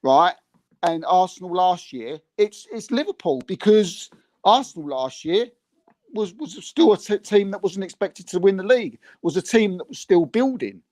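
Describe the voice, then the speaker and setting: A man holds forth on football in a loose, rambling way, stumbling over repeated words as he builds up steam. His voice sits a little high for a man, and it sounds dry and close, with no room around it. He mocks the other side with growing heat. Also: lively intonation, normal speed, a little mellow, dry recording. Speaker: podcast co-host. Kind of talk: casual football chat.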